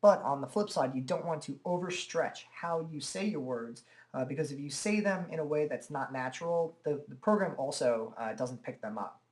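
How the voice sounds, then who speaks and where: A man's voice: on the high side, moderate pace. Casual man explaining a computer demo. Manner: relaxed, chatty explaining with frequent "uh" and "okay". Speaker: software tutorial presenter. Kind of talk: casual screen-recorded software demo. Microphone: desk microphone at a computer.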